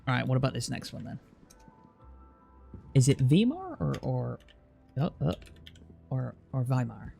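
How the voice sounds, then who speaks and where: A man's voice: mid-range voice, big pitch swings, measured pace, creaky, pauses often, warm tone, faint music behind. A man from Bristol with a rhotic West Country accent, chatting casually and curiously on a livestream, rambling with restarts and fillers. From Bristol, England. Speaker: streamer chatting with a guest.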